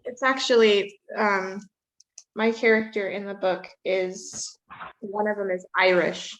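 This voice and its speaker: A woman's voice: mid-range voice, fairly even intonation, slow pace, fairly bright tone, low-quality recording. A woman writer asking a question in a casual group chat on a video call, hesitant and full of fillers. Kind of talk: casual online group talk.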